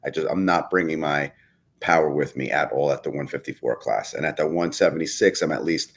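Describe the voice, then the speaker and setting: A man's voice: very deep voice, a little fast, husky. A man chatting casually as a podcast guest, telling a rambling story and swearing often. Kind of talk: casual chat.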